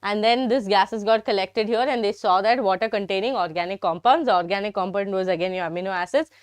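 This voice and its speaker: A young woman with an Indian English accent runs a lively biology lesson, talking straight to her students and teasing them. Her voice sits in a middle register. She is recorded close and dry, with no room sound. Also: medium pitch, fast talker, no echo. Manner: chatty, teasing, addresses students often. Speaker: teacher. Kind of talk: live online biology lesson.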